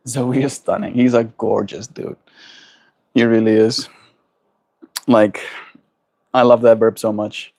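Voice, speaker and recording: A man hosting a daily livestream, chatting casually and warmly greeting viewers by name in a laid-back, upbeat way. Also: on the low side. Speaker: livestream host.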